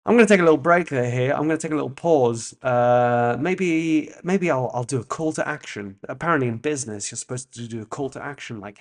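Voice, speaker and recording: A man's voice: medium pitch, animated, fairly quick, hardly any pauses. A man from France hosting a podcast, rambling and self-mocking, swearing freely between stretches of reading an essay aloud. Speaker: podcast host.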